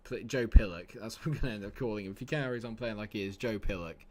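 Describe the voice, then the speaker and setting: A man's voice: lowish voice, very fast, a little hiss or hum. A man commenting casually on his live game stream, chatty and swearing freely as he talks to his chat.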